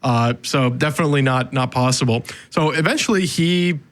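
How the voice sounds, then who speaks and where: A man's voice: medium pitch, moderate pace. A man co-hosting a casual history podcast, explaining points thoughtfully with restarts and hedges. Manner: thoughtful, hedging explainer with restarts and "you know". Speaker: podcast co-host.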